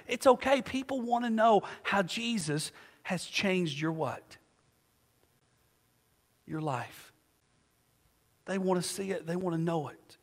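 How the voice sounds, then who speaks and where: A man gives a sermon as pastor, speaking at a normal pace with long pauses in a high, fairly bright voice. Again and again he asks the congregation to supply the missing words, call-and-response fashion, and the hall adds a long reverb.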